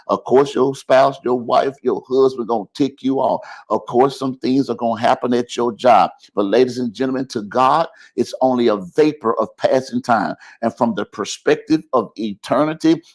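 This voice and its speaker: A man's voice: medium pitch, normal speed, hardly any pauses. A man preaching a live-streamed sermon as pastor, calling out to the congregation with repeated phrases and building to rising, heated intensity.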